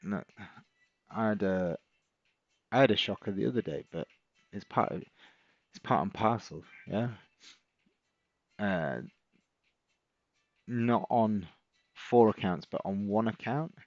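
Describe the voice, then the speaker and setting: Guy hosting a trading stream, low voice, chatty and encouraging, dry, kinda dull mic. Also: slow pace, pauses often, no room sound. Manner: encouraging, chatty, reads out viewers' comments. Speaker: trading coach and live stream host. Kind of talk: casual live stream chat with viewers.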